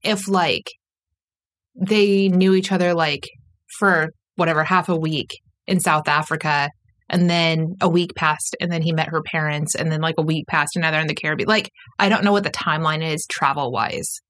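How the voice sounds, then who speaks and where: A woman's voice: deep voice, fairly even intonation, moderate pace, a bit bright. A woman co-hosting a podcast, chatting casually and recapping a show, with frequent "like" fillers and quotes she acts out. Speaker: podcast co-host.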